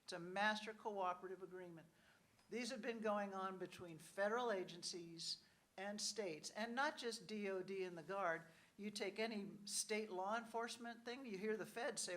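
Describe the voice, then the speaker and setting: A woman's voice: medium pitch, moderate pace, a bit bright. Woman speaking casually at a conference panel. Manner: conversational, acts out quoted officials; frequent "you know" asides. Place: conference hall.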